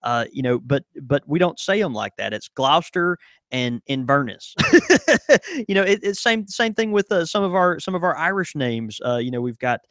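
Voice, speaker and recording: A man's voice: a little high, very animated, moderate pace, a bit bright, no room sound, clean studio sound. A man from the American South co-hosting a podcast in an easygoing way, often laughing as he talks. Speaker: podcast co-host. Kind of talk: casual chat.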